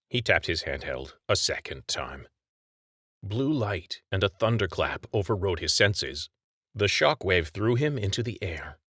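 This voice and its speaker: A man narrates a story in a deep-set, low voice, keeping a measured and even storytelling pace. The recording is dry and close, with no room sound around the voice. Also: dry recording. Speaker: author narrating his own story. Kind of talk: scripted audiobook narration.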